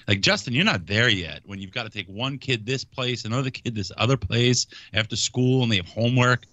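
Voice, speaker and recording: A man's voice: lowish voice, sharp tone, no echo, lo-fi sound. A middle-aged man chatting and joking on a podcast, asking questions and talking about family life. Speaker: podcast co-host. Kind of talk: casual podcast banter.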